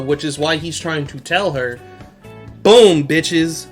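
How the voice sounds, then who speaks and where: A man's voice: on the high side, slow pace, soft background music. Slangy laughing male podcast host. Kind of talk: casual episode recap.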